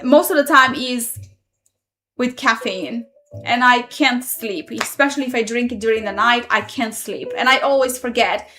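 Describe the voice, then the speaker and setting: A woman's voice: fairly high pitch, moderate pace, pushed and bright. A woman in her thirties, not a native English speaker, chatting casually on a live stream and answering viewer comments. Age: 30s.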